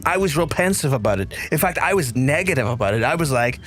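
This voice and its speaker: A man from Belfast with a softened Belfast accent, streaming a game and chatting casually with viewers in a rambling way, repeating phrases and swearing now and then. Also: mid-range voice, animated, quick pace, hardly any pauses. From Belfast, Northern Ireland. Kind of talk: casual livestream chat with viewers.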